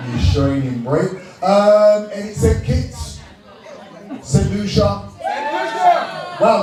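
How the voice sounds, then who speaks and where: Joking British emcee working a hall crowd. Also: male voice, fairly high pitch. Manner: joking, laughing, shouting out to the crowd. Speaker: awards night host. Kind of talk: live crowd-work emcee banter. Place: large indoor event hall with a live crowd. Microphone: handheld microphone. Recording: echoey hall, distant mic, crowd noise.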